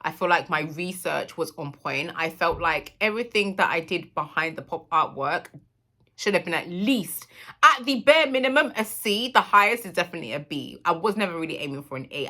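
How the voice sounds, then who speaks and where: A woman's voice: fairly low pitch, sharp tone. A woman in her thirties, telling a personal story in a candid, emotional monologue for her vlog. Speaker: vlogger.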